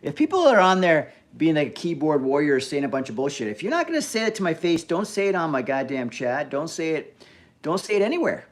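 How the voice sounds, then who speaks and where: A man hosting a casual live stream, talking bluntly in an animated rant that is full of swearing. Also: on the high side, a little fast. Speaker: livestream host.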